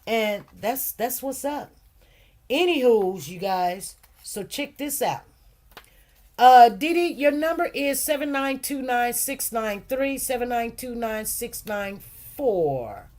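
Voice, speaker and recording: A woman's voice: a little high, animated, takes it slowly, darkish tone. Chatty, rambling woman on a livestream. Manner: chatty, rambling, repeats phrases. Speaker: livestream host and food truck owner. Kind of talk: casual livestream chat.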